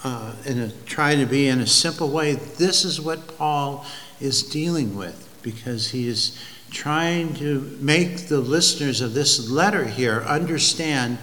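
A man preaching a sermon, telling an illustration slowly and deliberately, with pauses and restarts. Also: a little high, pushed and bright. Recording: long hall reverb, faint ambient noise.

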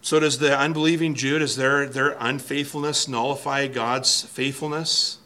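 A man's voice: mid-range voice, steady tone, moderate pace, bright, forceful tone. A man preaching an expository sermon from a church pulpit, earnest and emphatic, often restarting and repeating words. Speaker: pastor.

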